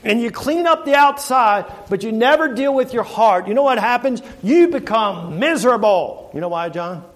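A man's voice: very high voice, animated, moderate pace, a bit bright. A middle-aged man preaching a sermon, earnest, asking the congregation rhetorical questions and often repeating and restarting phrases.

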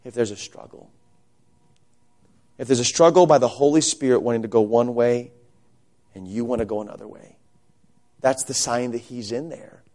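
A pastor preaching a sermon to his congregation in a church. He keeps asking rhetorical questions and swings between quiet low asides and loud, raised emphasis. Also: moderate pace, pauses often. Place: church sanctuary.

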